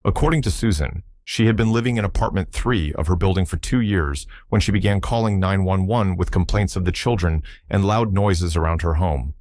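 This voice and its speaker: A man reads documentary narration in a measured, explanatory way. His voice is very deep. The recording is dry and close. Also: darkish tone, dry recording. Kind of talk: scripted narration.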